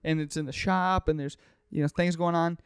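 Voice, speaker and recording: A man's voice: on the high side, moderate pace, clear, resonant tone, no room sound, studio quality. A young man in his twenties hosting a podcast, telling a story with energy and acting out the people and noises in it. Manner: lively, acts out people and sound effects in his stories. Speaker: podcast host. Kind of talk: casual chat, animated storytelling.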